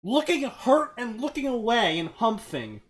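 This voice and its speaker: Slow, blunt, swearing fanfic reader. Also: medium pitch, very animated. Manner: blunt, profane ranting. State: tipsy. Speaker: co-host reading fanfiction aloud. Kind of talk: comedic reading and commentary.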